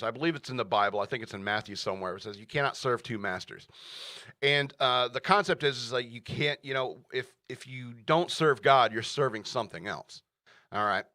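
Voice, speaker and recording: A man hosts his own radio show and delivers opinionated commentary on his own. His voice is bright and forceful. The sound is dry and close, and he keeps pressing his points home with repeated "all right?". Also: mid-range voice, dry recording. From United States.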